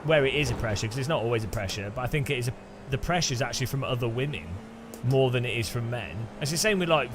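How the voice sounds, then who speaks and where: A man's voice: mid-range voice, a little fast, background noise. A man streaming sim racing, chatting casually and rambling with chuckles while answering his chat.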